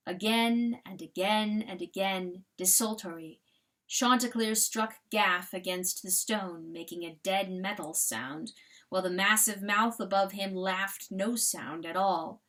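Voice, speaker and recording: A woman giving a slow, intense dramatic reading of a novel as the channel's reader. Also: medium pitch. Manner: slow, intense, expressive narration. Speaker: audiobook reader.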